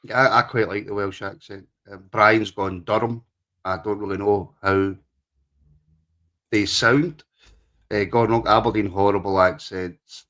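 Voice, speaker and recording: Casual podcast co-host: man, slightly low voice, chatty and quick to laugh. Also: fairly even intonation, a bit bright. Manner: chatty, laughs often, reads out viewer comments. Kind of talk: casual chat.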